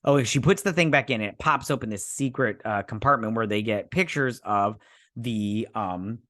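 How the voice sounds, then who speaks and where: A man's voice: on the low side, normal speed, a bit bright, dry recording, clean studio sound. A man hosting a show review, recapping an episode in a rambling, sarcastic way with many fillers and restarts.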